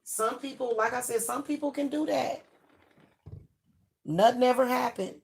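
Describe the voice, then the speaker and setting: A woman's voice: sits high, steady tone, normal speed, vocal fry. A middle-aged woman, giving frank advice to parents in a chatty way, full of fillers and restarts. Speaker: channel host giving advice. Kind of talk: casual advice talk to camera.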